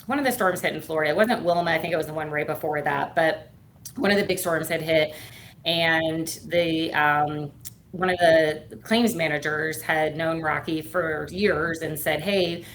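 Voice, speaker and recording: A middle-aged woman, a firm owner and CEO, is a guest on an interview and tells her career story chattily, with plenty of fillers and acted-out quoted dialogue. Her voice sits low and is a bit bright, with fairly even intonation at a moderate pace. There's slight background noise.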